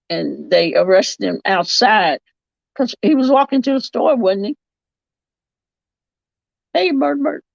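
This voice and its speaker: Slow, gravelly woman chatting live. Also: a little high, no room sound. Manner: rambling, drawn-out, self-correcting. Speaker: livestream commentator. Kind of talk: casual live-chat commentary. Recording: dull lo-fi stream audio.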